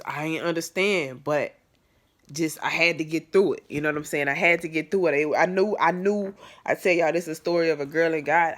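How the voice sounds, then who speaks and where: A woman telling a painful personal story to camera in a casual, candid way, full of fillers and restarts. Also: sits low. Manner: conversational, many fillers and restarts, swings from soft to emphatic. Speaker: vlogger.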